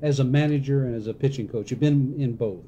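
A man's voice: medium pitch, fast talker, warm tone, muffled recording, slight background noise. A man interviewing a former coach, asking questions in a conversational way. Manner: conversational, prompting with short backchannels.

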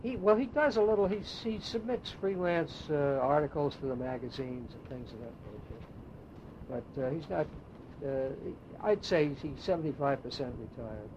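A man's voice: fairly high pitch, normal speed, a little mellow. A man interviewing a former ballplayer, chiming in often with agreement. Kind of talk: oral history interview. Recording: dull lo-fi tape with faint hiss.

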